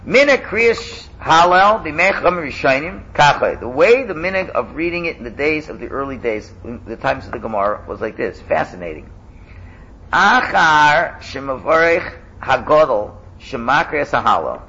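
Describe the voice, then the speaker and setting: A man teaching a casual class, lively and animated, chanting loudly when he demonstrates. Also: on the high side, moderate pace, dull audio.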